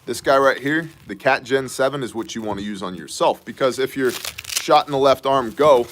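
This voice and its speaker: A man hosting a casual news commentary show, sarcastic and joking with quick asides. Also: mid-range voice, fairly bright tone, slight background noise. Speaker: host of a news brief show.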